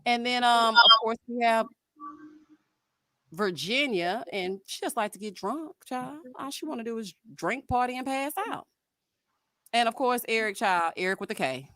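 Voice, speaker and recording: A woman's voice: on the high side, moderate pace, dry recording, studio quality. Sassy woman hosting a live stream. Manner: sassy, animated, says "honey" and "child". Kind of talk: casual reality TV commentary.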